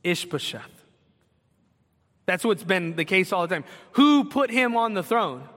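Male preacher, high and bright, lively teaching sermon with questions. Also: measured pace, in a large hall. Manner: animated teaching with questions to the congregation. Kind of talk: expository sermon.

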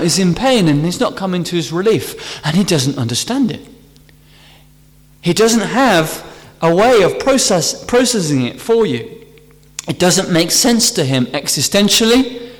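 Preacher in an echoing hall. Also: male voice, high voice. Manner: earnest expository preaching, rising emphasis on key phrases. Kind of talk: sermon. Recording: long hall reverb.

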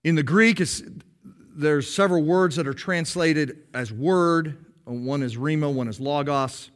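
A pastor preaches a sermon to his congregation, explaining patiently and slowing down to stress key phrases. His voice is a little high.

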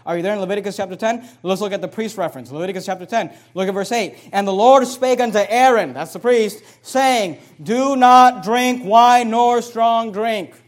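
A man preaching a fiery sermon, reading scripture slowly and swinging between loud bursts and low asides. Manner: reads scripture slowly with emphasis. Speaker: pastor.

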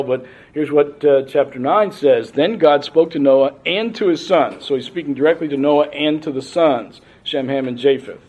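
A man teaching a Bible study class, reading scripture aloud and explaining it patiently, with frequent pauses and ums. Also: mid-range voice, a little mellow.

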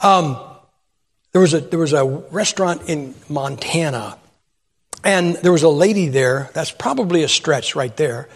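A man's voice: a little high, unhurried, slightly rough, long reverb tail. A man preaching a humorous sermon in church, telling folksy stories, asking the crowd rhetorical questions and acting out voices. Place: church sanctuary.

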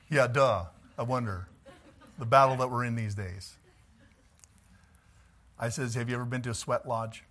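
A male pastor preaching a sermon, telling stories in an animated way and chuckling as he goes. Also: mid-range voice, normal speed, pauses often.

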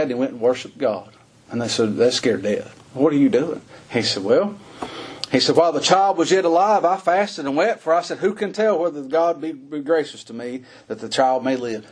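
A man preaching a sermon in a folksy way, laughing between points and climbing high in pitch when he stresses something. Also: darkish tone, slightly rough.

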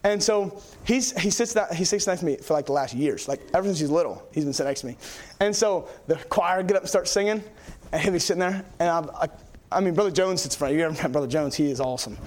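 A young male preacher with a notably high voice delivers a sermon in a church. He tells his stories in an excitable, rambling way, full of fillers and restarts. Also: quick pace.

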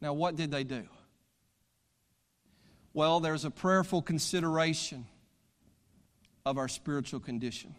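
A man's voice: fairly high pitch, unhurried, pauses often. A male preacher, delivering a sermon, reading scripture aloud and building to fervent preaching. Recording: long hall reverb.

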